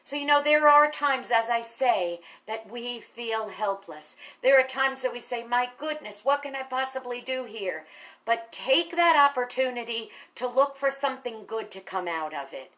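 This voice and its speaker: A woman's voice: a little high, lively intonation, normal speed, hardly any pauses, pushed and bright. A woman who manages a radio station, talking casually and earnestly to camera and telling a personal story with repeated words.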